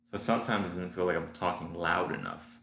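Talking briskly in a low, gravelly, slightly bright voice, a stuffy-nosed man rambles as a solo audio diarist. His meandering speech is full of fillers and restarts. He uses a home recording setup at a computer in his apartment, where the room is echoey and has a faint hum.

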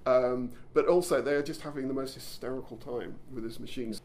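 A man's voice: mid-range voice, fairly quick, darkish tone. Enthusiastic male podcast host, stumbling. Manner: enthusiastic, with frequent restarts and stumbles. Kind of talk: casual storytelling commentary.

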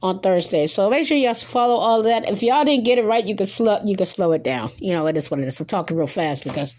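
Her voice is medium in pitch, a touch mellow, with lively intonation. Solo on her podcast, the host chats loosely, keeps correcting herself, sounds slightly nervous, and hurries her plugs.

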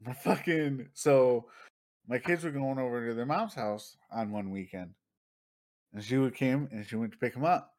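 A man in his thirties co-hosting a casual podcast, telling profane, animated stories and acting out what other people said. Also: mid-range voice, moderate pace. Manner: profane, animated storytelling with acted-out quotes. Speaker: podcast co-host.

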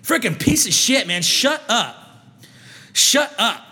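Angry high-voiced man ranting and swearing. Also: sing-song, takes it slowly, bright, forceful tone. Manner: heated, swearing constantly, stumbling restarts. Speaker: vlogger. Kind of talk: angry profane rant.

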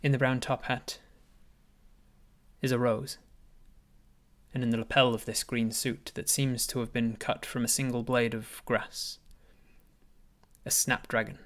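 A man's voice: medium pitch, little pitch movement, measured pace, long pauses. Guy running a tabletop game, paints the scene in detail. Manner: vivid, descriptive storytelling. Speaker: game master.

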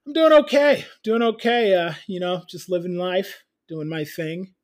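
A man co-hosting a podcast in casual chat, joking around with loud bursts and frequent laughs. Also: high-pitched, measured pace. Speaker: podcast co-host.

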